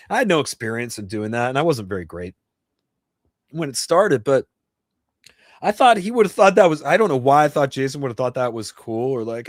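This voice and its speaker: A man's voice: medium pitch, no room sound, clean studio sound. A man in his fifties, originally from New Jersey, hosting a casual live Q&A stream. He talks bluntly and profanely, rambling with frequent restarts. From New Jersey, USA. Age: 50s. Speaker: host. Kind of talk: casual livestream Q&A chat. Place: home livestream setup.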